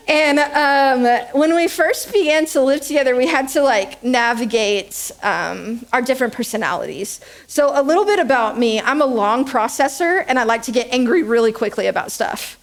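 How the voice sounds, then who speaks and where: A young adult woman preaching a conversational sermon, joking at her own expense and checking in with "okay?" and "right?". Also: on the high side. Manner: chatty, joking, self-deprecating, asks "okay?" and "right?" often. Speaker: speaker at a church service.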